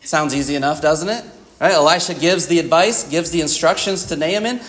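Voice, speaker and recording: A man's voice: on the high side, a little fast, a bit bright, a little hiss or hum. Conversational man preaching a sermon. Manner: conversational, with frequent "right?" asides and acted quotes. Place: church.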